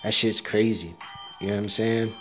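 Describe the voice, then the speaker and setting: A man's voice: lowish voice, fairly even intonation, moderate pace, fairly bright tone, faint music behind. A young man rambling through a casual, profane audio diary, laughing at his own jokes.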